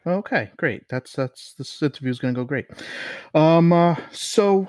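A man as interviewer in an improvised mock interview, asking halting, teasing questions with many fillers. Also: a little high, expressive, darkish tone, no echo, studio quality.

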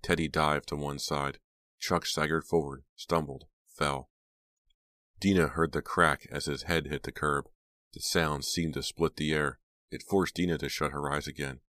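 A man reading an audiobook aloud in a steady, measured way. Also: very deep voice, no echo. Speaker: audiobook narrator. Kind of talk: scripted audiobook narration.

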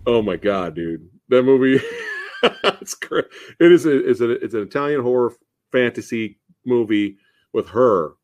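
A man hosting a relaxed chat, joking around and laughing a lot. His pitch swings widely and stays lively. The sound is dry and close. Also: a little slow, no room sound. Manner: laughs often, loose and joking. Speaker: host. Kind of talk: casual chat.

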